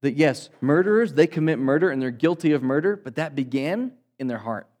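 Preaching man, swinging loud and soft. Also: a little high, lively intonation, fairly quick. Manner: dynamic preaching, rising loud for emphasis and dropping soft; addresses congregation as guys. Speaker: pastor. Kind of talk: sermon.

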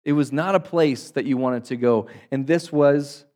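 A male pastor preaching a sermon to his congregation, swinging between loud emphatic bursts and quiet, low asides. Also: normal speed. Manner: dynamic preaching, rising loud for emphasis and dropping soft; addresses congregation as guys.

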